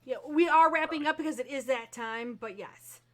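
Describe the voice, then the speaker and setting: A woman's voice: high-pitched, moderate pace, fairly bright tone. A woman narrating as game master of a tabletop game, talking casually and swearing freely. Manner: casual and profane.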